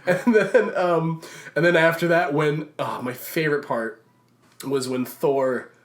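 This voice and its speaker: A man co-hosting a casual podcast chat who rambles excitedly and stumbles over repeated restarts. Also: fairly high pitch, measured pace. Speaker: podcast co-host.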